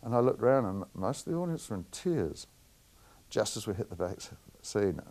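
A man's voice: fairly low pitch, sing-song, brisk, darkish tone. A middle-aged man, working as a film editor and answering interview questions in a candid, anecdotal way with frequent chuckles.

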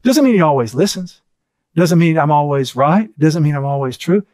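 A man's voice: a little high, lively intonation, normal speed, darkish tone, no room sound. A middle-aged man giving an earnest teaching session, repeating key phrases for emphasis.

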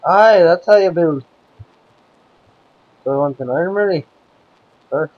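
A man's voice: fairly high pitch, slow pace, dry recording, dull audio. A man with a Scottish accent giving playful, chatty gameplay commentary and bossing around the characters in his game. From Scotland. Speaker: let's play host.

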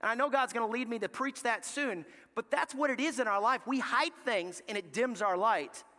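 Pastor, male, high and bright voice, animated storyteller, live church reverb. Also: normal speed. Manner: animated storytelling, acting out family dialogue. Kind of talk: sermon. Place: large church sanctuary.

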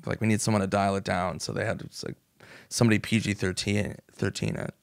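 A man's voice: lowish voice, fairly even intonation, fast, vocal fry, dry recording. Man, 40s, from the US, comedian guest, casual storytelling, swears a lot, acts out quotes, dry close sound. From United States. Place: podcast studio.

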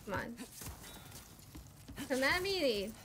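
Young woman game streamer, high bright voice, unhurried, yells at enemies, faint hiss behind. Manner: excitable, swears and screams at enemies. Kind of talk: live gameplay commentary.

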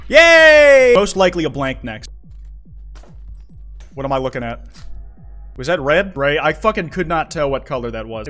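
A young man streaming a video game, swearing, talking to the screen and yelling when things go wrong. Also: fairly high pitch. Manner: excitable, profane, yells and shrieks at the game. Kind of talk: gaming commentary.

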